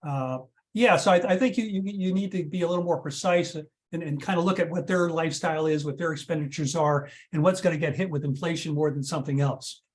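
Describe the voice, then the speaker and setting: A man's voice: on the high side, fast talker. A man giving expert answers on a video call, hesitant, restarting sentences often. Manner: hesitant, lots of restarts and uh's. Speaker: guest advisor.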